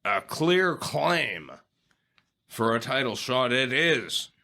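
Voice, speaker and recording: A man's voice: mid-range voice, lively intonation, takes it slowly, pushed and bright, full character voice. A man playing a wrestling play-by-play commentator with an emphatic announcer delivery.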